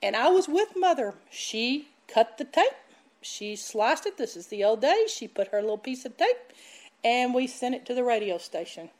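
A woman preaching a sermon, emphatic and animated as she tells stories. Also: a little high, moderate pace. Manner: animated, emphatic, laughs while telling stories. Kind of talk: sermon with storytelling.

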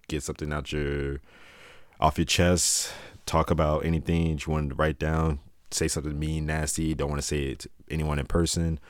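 A podcast co-host reading a joking mock sponsor ad in a put-on, very deep voice. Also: male voice, no echo, studio quality. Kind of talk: mock ad read.

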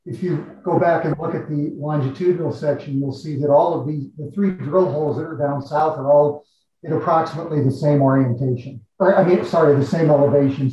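A man's voice: a little high, mellow, slight background noise. Geologist guy explaining drill results, stop-start and technical, far off the mic, muffled sound. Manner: measured, technical, with many restarts and fillers. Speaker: exploration geologist. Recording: echoey, distant, dull audio.

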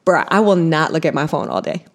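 A woman's voice: deep voice, sing-song, brisk. A woman co-hosting a podcast, talking in a blunt, profane, storytelling way in casual chat. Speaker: podcast co-host.

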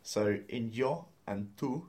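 A man's voice: medium pitch, takes it slowly, darkish tone. A man teaching a beginner language lesson, explaining grammar step by step and spelling out words letter by letter.

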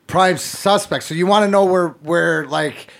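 Gravelly halting podcast host man. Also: high voice. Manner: halting questions, crude joking. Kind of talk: casual podcast chat.

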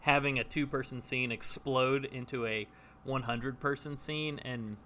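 A man's voice: mid-range voice, steady tone, moderate pace, sharp tone, slight background noise. A man co-hosting a casual podcast chat about improv, enthusiastic and full of restarts. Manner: chatty, enthusiastic, restarts often. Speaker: podcast co-host.

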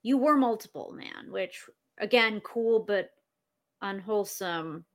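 A woman's voice: mid-range voice, animated, a little slow. A woman playing a tabletop role-playing game, speaking wryly and switching between her character's talk and narrating its actions. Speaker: player.

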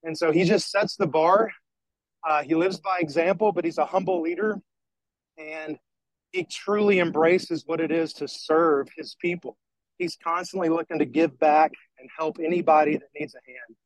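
A man's voice: fairly high pitch, moderate pace, dry recording, rough recording. A man in a group call praising a squad mate in an admiring, easygoing way. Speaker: squad member.

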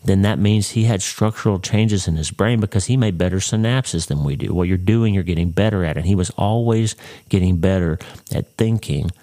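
A man's voice: deep voice, moderate pace, dark tone. A man hosting a faith podcast, teaching Bible study in an earnest, conversational way and putting direct questions to the listener. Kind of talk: devotional teaching.

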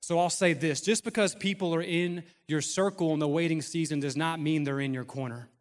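Guy in his 30s preaching, slightly higher voice, chatty, cracks jokes and acts out little bits. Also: fairly even intonation, a little fast, in a large hall. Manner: conversational preaching with humor and acted asides. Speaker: pastor. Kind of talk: sermon.

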